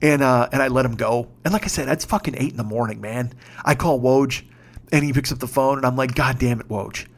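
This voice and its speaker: A man in his fifties telling a story in a casual monologue, profane and excitable, breaking into shouts. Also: mid-range voice, brisk. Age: 50s. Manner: profane, excitable, shouts when reliving moments. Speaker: podcast host.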